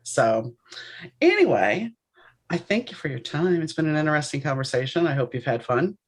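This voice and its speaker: A woman from New Orleans hosting a podcast, chatting in a reflective, animated way. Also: low voice, moderate pace, slightly rough. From New Orleans, USA. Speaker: podcast host. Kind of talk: casual interview chat.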